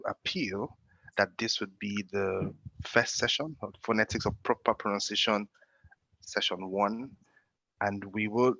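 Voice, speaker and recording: A man at an online club meeting, speaking slowly and politely with some hesitant fillers. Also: fairly low pitch, pushed and bright, no echo, low-quality recording. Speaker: club member. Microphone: computer mic on a video call.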